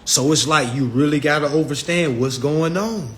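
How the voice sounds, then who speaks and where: A man's voice: a little high, normal speed, fairly bright tone, slight background noise. Blunt, profane man preaching on a livestream. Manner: blunt, profane, keeps checking in with "all right?"; repetitive, emphatic preaching tone. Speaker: livestream host teaching consumer law. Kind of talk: casual instructional livestream rant. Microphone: phone on a live stream.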